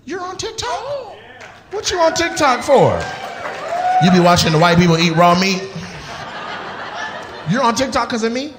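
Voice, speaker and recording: A man's voice: high-pitched, sing-song, over music. A male comedian doing profane, teasing crowd work with audience members. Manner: teasing, profane, quick banter. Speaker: stand-up comedian.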